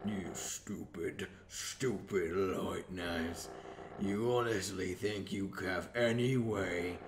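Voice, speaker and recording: A menacing chess-piece king from a game fan dub, acted by a man, sneering and tired, his voice deep and rough with fry. Every word comes out dragged and slow. It sounds like an echoey room with a steady hiss behind. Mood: taunting. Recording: echoey room with background noise.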